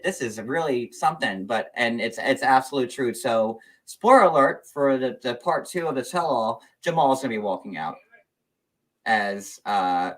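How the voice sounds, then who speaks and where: A man's voice: on the low side, distant mic. Chatty male livestream host. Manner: chatty, meandering, many fillers. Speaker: show host. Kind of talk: casual gossip livestream.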